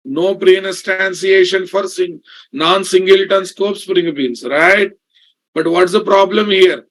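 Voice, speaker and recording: A male programming instructor, speaking at a slow, deliberate pace in a fairly high voice. He repeats each point and keeps addressing his students directly as he codes. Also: a bit bright. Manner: repeats points, addresses class as guys and boss. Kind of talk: live coding lesson.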